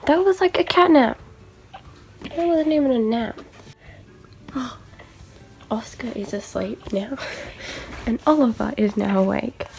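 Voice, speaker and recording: A woman's voice: a little high, slow pace, gravelly, long pauses, darkish tone, faint music behind. A woman vlogger giving casual running commentary at home, chatting to her baby dolls and laughing often. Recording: noisy home video recording.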